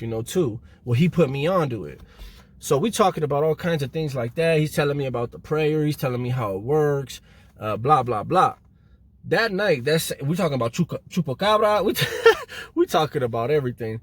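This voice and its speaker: Husky-voiced man telling prison stories. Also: mid-range voice. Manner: street slang, loose and repetitive, animated when reenacting. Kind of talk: casual storytelling to camera.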